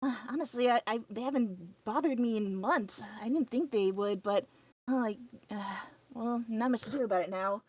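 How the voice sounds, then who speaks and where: A woman's voice: on the high side, moderate pace, a little mellow, dry recording, close to an everyday voice. A woman voicing a timid, polite young female rabbit who stammers nervously in a tabletop game. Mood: worried.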